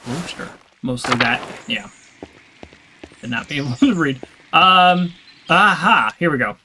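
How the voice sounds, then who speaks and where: A man's voice: fairly high pitch, lively intonation, a little slow, background noise. Chatty, self-mocking male game streamer. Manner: chatty, self-mocking, stumbles over hard words. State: slightly strained voice. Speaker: let's play streamer. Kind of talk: casual gameplay commentary.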